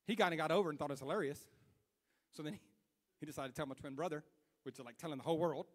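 A young adult man preaching a sermon, telling a personal story in an animated way that swings between hushed self-scolding and loud retelling. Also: fairly high pitch, very fast, in a large hall.

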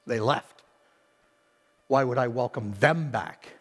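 A man's voice: medium pitch, takes it slowly, husky. Brief: a man playing a bitter, sulking older brother in a sermon retelling, reverberant hall. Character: resentful, hurt older brother.

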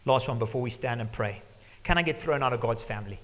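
A middle-aged male pastor preaching an earnest sermon, sometimes dropping to a hush for emphasis. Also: mid-range voice, brisk. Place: church hall. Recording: long church reverb.

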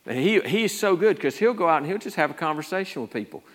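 A man's voice: fairly high pitch, animated, quick pace. A male pastor preaching a conversational sermon, rambling through restarts and rising to urgent emphasis.

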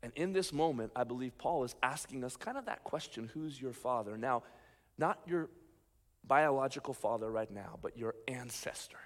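A man, a pastor, preaching a sermon with animated emphasis, swinging between loud points and quiet asides. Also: mid-range voice, moderate pace. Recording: long hall reverb.

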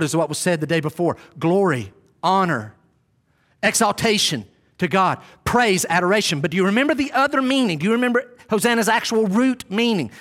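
A man preaching a sermon, swinging from loud emphasis to hushed drops. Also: on the high side. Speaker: pastor.

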